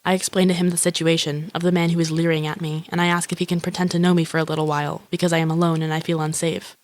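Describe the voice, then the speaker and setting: An actress voicing the deadpan, profane inner monologue of a lonely, grandiose young woman who wishes to be eaten by a shark. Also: deep voice, fast talker, close to an everyday voice. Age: young adult. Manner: flat, profane, self-absorbed musing.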